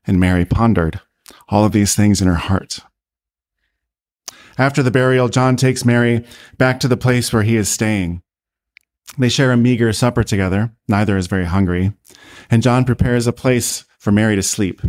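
A man, a priest, narrating a sermon as a slow, deliberate story. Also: on the low side, a little mellow.

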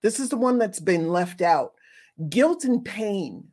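A woman's voice: mid-range voice, lively intonation, takes it slowly, mellow. A woman hosting a show, talking earnestly and ramblingly about grief and grounding, restarting often and sometimes swearing. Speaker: host. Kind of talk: casual spiritual talk.

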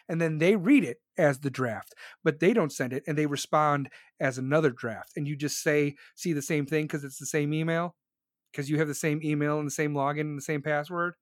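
Man, high-pitched, dry close sound, heated profane lecturing monologue. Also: no room sound. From United States. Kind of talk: profane political rant.

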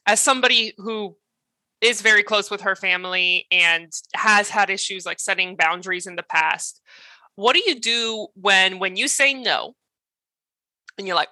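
Woman podcast co-host with a very bright tone, dry sound, easygoing and thoughtful. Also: medium pitch, normal speed, no echo. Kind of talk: casual podcast chat.

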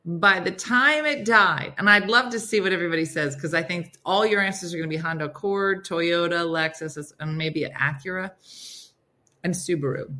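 A woman hosting a morning radio show, chatting casually and reading listener replies aloud in quick lists. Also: on the low side, bright, forceful tone. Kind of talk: casual chat.

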